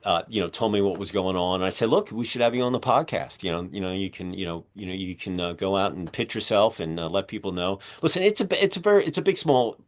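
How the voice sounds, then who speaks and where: A man hosting a podcast interview, talking in a rambling, energetic way with many fillers, his voice going hoarse as he keeps clearing his throat. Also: sits low, fast talker, hardly any pauses. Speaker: podcast host and magazine publisher. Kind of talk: casual interview chat.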